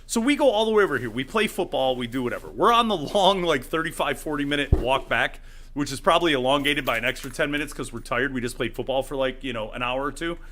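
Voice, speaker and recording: A man's voice: mid-range voice, animated, fast, a bit bright, a little hiss or hum. A man in his thirties, a co-host telling a story in casual chat, laughing and acting out the voices of the people in it. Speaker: podcast co-host.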